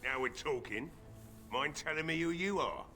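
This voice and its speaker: A man's voice: a little high, normal speed, music in the background, natural voice. A man playing a drunk old blacksmith. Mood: gruff, weary. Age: older. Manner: weary, slurring drinker's drawl. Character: gruff old widowed village blacksmith, drunk and bitter. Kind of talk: video game voice acting.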